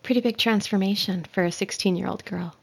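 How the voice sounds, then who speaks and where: A woman's voice: mid-range voice, a little fast, creaky, slightly rough. A woman interviewing a guest, offering brief, reflective follow-up remarks. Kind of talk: casual interview.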